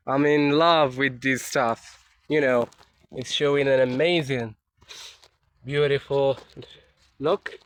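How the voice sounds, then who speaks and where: A young man from Morocco chatting casually while walking through a forest on a rainy day, halting and searching for words in English. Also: mid-range voice, no room sound. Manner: soft, unhurried talk while walking. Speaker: nature vlogger. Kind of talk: casual walking vlog chat.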